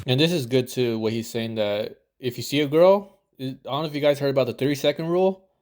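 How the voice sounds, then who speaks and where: A man talking over a video as a dating coach, loose and rambling, with plenty of swearing. He keeps slipping into the lines he would say himself. His pitch sits in an ordinary middle range. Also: a little fast, darkish tone, soft background music. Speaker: dating coach reviewing footage. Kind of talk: casual reaction commentary.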